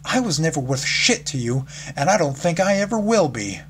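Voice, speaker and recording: A brash, heartbroken pegasus mare lashes out, bitter and angry, played by a man reading aloud. Her voice sits well above an ordinary male register. A steady background noise runs under the whole recording. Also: on the high side, moderate pace, pitched above the performer's own voice.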